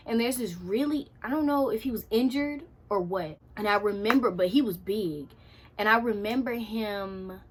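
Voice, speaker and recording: A teenage girl tells a casual storytime to camera in a chatty, slangy way, acting out her own reactions and quotes. Her voice is a little high, with a slight hiss or hum in the recording.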